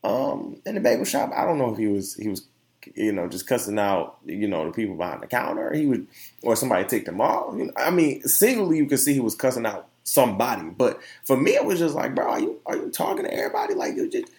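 A young man hosting a podcast, telling a story in a casual, animated opinion monologue full of slang and laughter. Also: mid-range voice, fairly quick. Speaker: podcast host.

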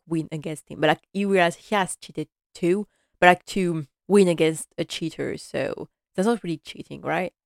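Woman vlogger, low-pitched, dry sound, chatty recap voice that laughs a lot and plays out the characters' lines. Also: no echo. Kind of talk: casual episode recap.

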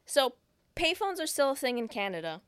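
A woman's voice: high voice, sing-song, a bit bright, clean tone, no echo. Giggly woman recapping a movie. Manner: retells scenes with quick acted quotes and giggles. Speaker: podcast co-host. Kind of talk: casual movie recap chat.

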